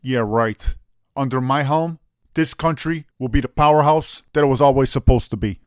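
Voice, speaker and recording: A man's voice: mid-range voice, moderate pace, clean tone, no room sound, studio quality. A man with a brash, profane, opinionated way of talking, casually co-hosting a soccer chat. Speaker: soccer podcast co-host.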